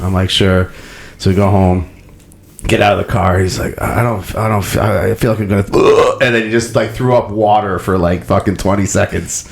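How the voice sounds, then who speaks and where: A man's voice: deep voice, fairly even intonation, normal speed, vocal fry. A man in his thirties hosting a casual podcast, telling sports and family stories in a laid-back, profane way. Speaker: podcast host.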